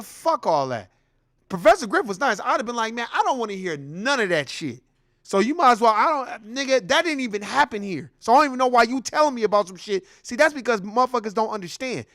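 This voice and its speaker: A man's voice: sits high, lively intonation, a little fast, a bit bright, no echo, clean studio sound. A man hosting a commentary show, ranting bluntly and heatedly, telling stories with acted-out quotes. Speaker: host.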